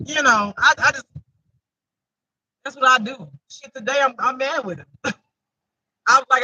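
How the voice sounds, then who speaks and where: A woman giving a casual intuitive spiritual reading, talking emphatically and breaking into loud, laughing outbursts. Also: high voice, a little slow, long pauses, husky, no echo, poor audio.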